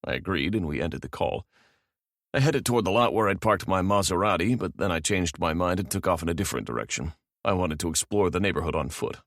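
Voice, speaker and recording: A man narrating a romance audiobook in a calm, measured manner. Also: low-pitched, dry recording, clean studio sound.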